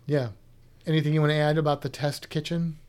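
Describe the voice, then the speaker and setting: A woman's voice: low-pitched, fairly even intonation, a little fast, a little mellow, clean tone. A woman co-hosting a casual chat, rambling and playful, trailing off mid-sentence. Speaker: podcast co-host.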